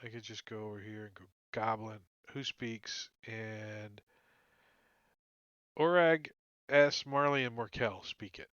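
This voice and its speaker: Man, game master, tabletop game narration, casual, chuckling, bright voice, dry lo-fi recording. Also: fairly low pitch, steady tone, takes it slowly, smooth, no room sound.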